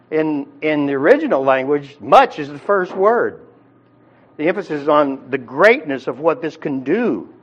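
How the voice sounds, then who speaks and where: A man's voice: a little high, highs cut off. A man teaching a Bible sermon in a conversational way, often restarting and repeating his words. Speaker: preacher.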